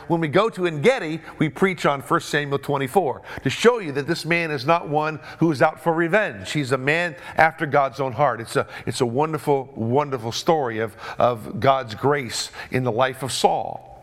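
A male pastor delivers a sermon in a somewhat high voice. He builds phrases to emphatic peaks, then sinks to low, quiet endings. He repeats key words to drive them home. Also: normal speed, hardly any pauses. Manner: emphatic preaching, voice swells then drops low and soft.

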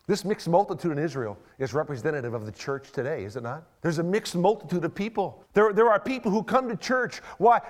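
Male pastor, high voice that swings widely, emphatic sermon delivery. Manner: animated, drawn-out emphatic reading of scripture; acts out voices of church members.

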